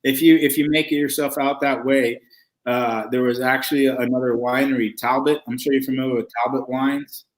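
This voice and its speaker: A man's voice: mid-range voice, normal speed, low-quality recording. A man, a winemaker guest, chatting casually and telling anecdotes with lots of restarts. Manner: animated anecdotes with acted quotes, many restarts. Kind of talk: casual storytelling chat.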